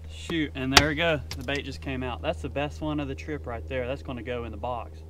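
A man narrating a casual fishing vlog from a small boat on a creek, talking excitedly to the fish and his viewers. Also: mid-range voice, moderate pace. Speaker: fishing vlogger. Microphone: chest-mounted action camera.

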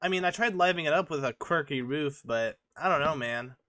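Bright-voiced young man narrating gameplay. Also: a little high, fairly quick, a little hiss or hum. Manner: casual, joking, self-mocking. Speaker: gaming channel host. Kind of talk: voice-over commentary on gameplay.

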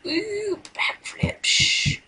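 A man's voice: drawn-out words, bright, forceful tone, poor audio. A man giving casual let's-play commentary, rambling and hesitant, now and then dropping to a mumbled whisper. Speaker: gameplay commentator.

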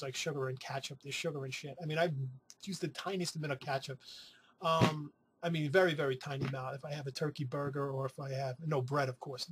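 A man's voice: a little high, a little hiss or hum. A man from New City, chatting casually to camera in a rambling, profane way with playful asides. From New York City. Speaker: weight-loss vlogger.

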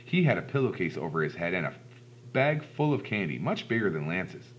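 A man reads a children's picture book aloud with lively, expressive delivery. His voice is on the low side and his pitch swings widely. The recording sounds dull and lo-fi. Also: brisk, slight background noise. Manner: expressive, animated reading. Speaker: storybook reader. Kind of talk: children's storybook read-aloud.

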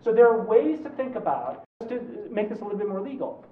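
A man in his forties, a law professor giving a conversational lecture, animated and joking, with quick asides. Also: sits high, a little hiss or hum. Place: large lecture hall. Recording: roomy, distant, dull hall recording.

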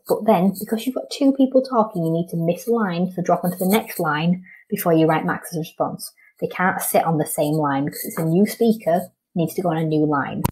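Welsh teacher lady going through a lesson slowly, lots of ums, warm dark voice. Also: sits low, breathy edge, rough recording. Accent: Welsh English. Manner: patient, explains step by step with many ums. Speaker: primary school teacher. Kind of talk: recorded online lesson.

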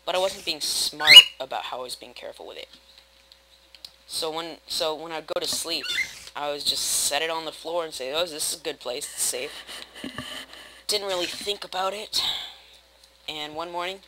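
A young man rambling through casual, self-mocking commentary while playing a building game, with sudden loud outbursts. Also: on the high side, very noisy. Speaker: gaming video host. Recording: game music playing behind. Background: game music.

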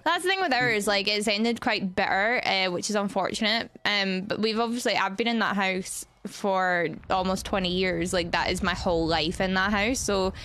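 A woman's voice: mid-range voice, moderate pace, hardly any pauses, a bit bright. A woman in her twenties chatting casually on a livestream, greeting viewers one after another and laughing often. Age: 20s.

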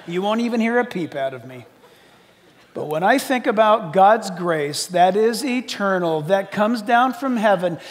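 An older man preaching a sermon as pastor, emphatic and shouting at times, then dropping to soft asides. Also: sits high, in a large hall.

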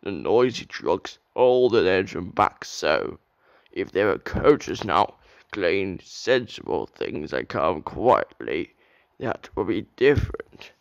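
A man voicing a big, proud male steam engine in a storybook, loud and boastful, grumbling when things go wrong. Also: low-pitched, very animated, takes it slowly, vocal fry, no echo, lo-fi sound, voice pushed down, heavily acted.

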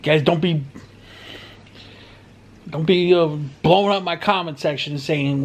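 A man's voice: a little high, steady tone, a little slow, long pauses. A man chatting bluntly at home for his vlog, rambling and cussing, sometimes raising his voice. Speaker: vlogger. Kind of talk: casual home vlog chat.

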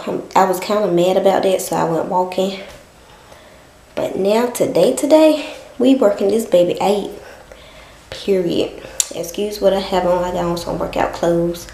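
A woman's voice: fairly low pitch, mellow, reverberant, low-quality recording. A pregnant woman, chatting to her viewers in a casual vlog, out of breath from working out at home. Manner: chatty, addresses viewers as y'all. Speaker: vlogger. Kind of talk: casual vlog chat to camera. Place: bedroom in her mother's house.

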